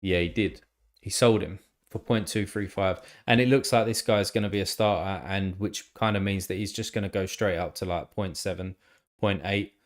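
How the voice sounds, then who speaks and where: A man's voice: sits low, steady tone, normal speed. A man chatting casually on a live stream, rambling and thinking aloud with lots of fillers and the odd swear word.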